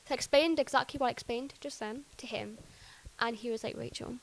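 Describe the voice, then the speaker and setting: Woman, young adult, podcast guest, personal testimony, chatty, slightly high voice. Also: gravelly, rough recording. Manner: chatty, fillers of "like", acts out her own past words.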